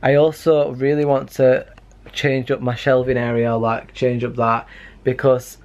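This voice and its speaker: A man's voice: medium pitch, little pitch movement, a little slow, a little mellow, highs cut off. A young man with a slight lisp from a retainer, rambling in a casual bedroom vlog at night. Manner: chatty, rambling, self-mocking. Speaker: vlogger.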